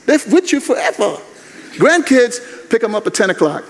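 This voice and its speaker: An older male preacher delivers an animated, conversational sermon. His voice is very high and swings widely in pitch. It echoes with a long reverb through a large chapel. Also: moderate pace, slight background noise. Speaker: guest preacher.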